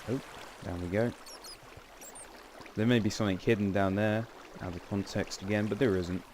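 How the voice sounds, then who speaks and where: A game channel host with a lowish, a little mellow voice gives rambling, casual gameplay commentary with wry asides and frequent self-corrections. His intonation is fairly even, his pace moderate, with slight background noise.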